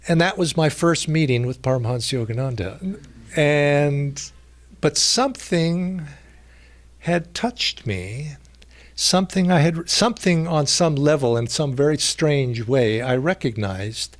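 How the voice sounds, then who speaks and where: A gentle, mild-mannered man recalls a story from his youth for a retreat audience. He talks at an everyday middle pitch, pausing and restarting as he gathers his thoughts. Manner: halting, with frequent restarts and fillers. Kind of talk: reflective storytelling talk.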